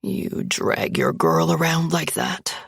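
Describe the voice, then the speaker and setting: A woman voicing a protective male stranger who speaks calmly and firmly. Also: low voice, takes it slowly, gravelly, breathy edge, no room sound, studio quality, full character voice. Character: calm deep-voiced male stranger, protective.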